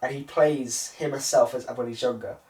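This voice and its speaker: A man's voice: medium pitch, fairly even intonation, moderate pace, darkish tone. A man co-hosting a casual film podcast, rambling and swearing often as he retells scenes. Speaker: podcast co-host. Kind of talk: casual chat about films. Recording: roomy, distant mic.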